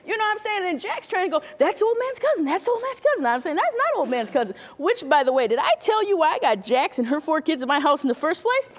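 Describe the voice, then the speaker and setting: A woman's voice: extremely high pitch, sing-song. A woman acting out a chatty, scattered witness who tells her story in loops and digressions. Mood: animated rambling. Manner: fast, circular, digressive storytelling.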